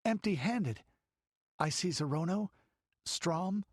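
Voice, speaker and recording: A man voicing a languid noblewoman in an audiobook, his voice lifted higher. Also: lively intonation, takes it slowly, no echo, clean studio sound, heavily acted. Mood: alarmed. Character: noblewoman, languid but easily alarmed.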